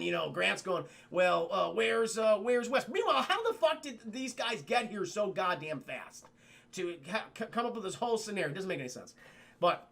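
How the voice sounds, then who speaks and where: A man recapping a film scene by scene for his live stream chat, animated and profane, mimicking characters as he goes. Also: high-pitched.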